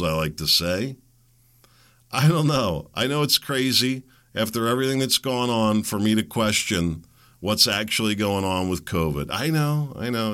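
Middle-aged male podcast host, solo casual monologue, rambling and wry, pitch leaps around a lot. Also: pushed and bright. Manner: rambling, wry, chuckles at his own jokes.

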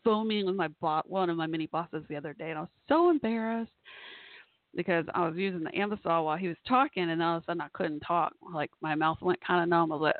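A woman's voice: fairly low pitch, quick pace, no room sound. A woman hosting a live podcast alone, chatting casually and rambling, laughing often. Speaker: podcast host. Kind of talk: casual solo talk. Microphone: phone call-in line. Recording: tinny phone line.

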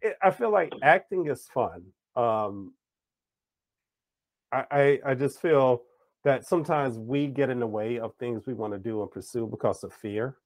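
A man hosting a podcast interview, telling stories in an animated, chatty way. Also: mid-range voice, measured pace, dry recording. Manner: animated storyteller, acts out quoted voices. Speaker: podcast host. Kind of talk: casual conversational interview.

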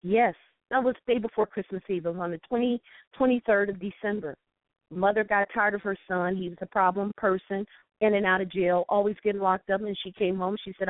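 A woman's voice: medium pitch, fairly even intonation, brisk, no echo. A woman from St. Louis calling in to a talk show, telling an impassioned story with quoted dialogue. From St. Louis, USA. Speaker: call-in guest. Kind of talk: phone call-in talk show. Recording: tinny dry phone line.

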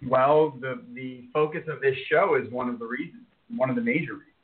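A man from New York City speaks as a wellness guest, telling stories in an animated, loose way full of fillers. He is heard through a computer mic that makes his voice thin and phone-like. His pitch sits in the middle. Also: brisk. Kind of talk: casual interview talk.

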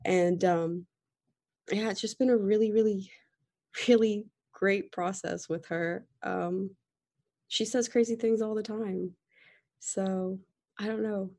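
A woman's voice: medium pitch, steady tone, slow, long pauses, mellow. A young woman, a guest on a group video call, talking in a rambling, heartfelt way with many fillers. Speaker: podcast guest. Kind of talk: casual sharing in a group call.

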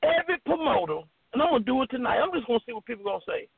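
A man talking on a phone-in show, animated and rambling, with lots of emphasis. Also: very high-pitched, rapid-fire, vocal fry, breathy edge, no echo. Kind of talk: casual phone-in chat. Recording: tinny phone line.

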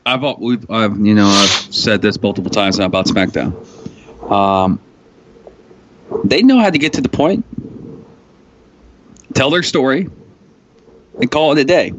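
A man co-hosting a casual wrestling talk show, halting often with ums and restarts. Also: medium pitch, very animated, muffled recording, a little hiss or hum. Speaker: podcast co-host.

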